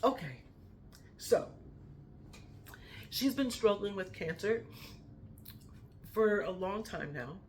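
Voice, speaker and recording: A woman's voice: mid-range voice, lively intonation, slow pace, long pauses, slight background noise. A middle-aged woman speaking a heartfelt, emotional tribute to a family member in her vlog, fighting back tears. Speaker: vlogger.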